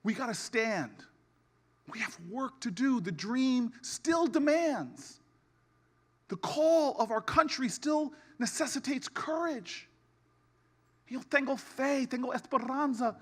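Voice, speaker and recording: A man giving a keynote speech with a humorous storytelling streak, building to a rousing finish with shouted repetition. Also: very high-pitched, takes it slowly. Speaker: keynote speaker.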